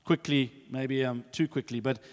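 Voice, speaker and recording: A man preaching a sermon, telling stories in an animated way and acting out the voices, with long hall reverb. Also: mid-range voice, normal speed. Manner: animated storytelling, acts out voices.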